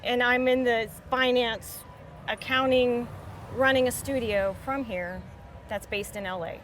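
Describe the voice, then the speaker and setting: Frank upbeat woman, slightly high. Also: steady tone, unhurried, fairly bright tone, slight background noise. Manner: frank, upbeat, a bit hesitant at first. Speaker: interview guest. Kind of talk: casual interview at a party. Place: outdoor film party.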